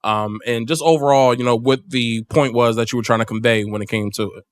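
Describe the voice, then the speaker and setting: A man's voice: mid-range voice, fairly even intonation, fairly quick, dry recording. Laid-back male podcast host. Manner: loose and rambling, laughs a lot. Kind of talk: casual podcast chat. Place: podcast studio.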